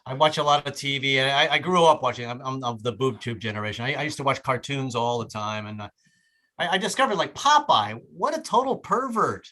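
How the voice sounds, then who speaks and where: A man doing a stand-up comedy set on a club stage, stammering through restarts and hitting his punchlines loudly. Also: mid-range voice, lively intonation, a little fast. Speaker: stand-up comic.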